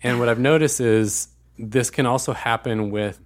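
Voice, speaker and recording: A man co-hosting a podcast, talking in a relaxed, reflective way and chuckling now and then. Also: mid-range voice, normal speed. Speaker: podcast co-host. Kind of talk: conversational podcast chat.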